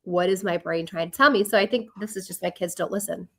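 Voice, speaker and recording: A woman in her forties co-hosting a podcast, telling stories in an animated way and acting out her own quotes. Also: lowish voice, fast. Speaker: podcast co-host. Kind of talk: casual chat.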